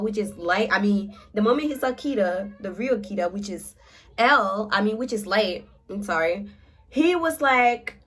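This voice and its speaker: A young woman, casually retelling an anime plot in a chatty, animated way with filler words, in a room at home. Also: mid-range voice. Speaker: makeup vlogger. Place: home room with a ring light.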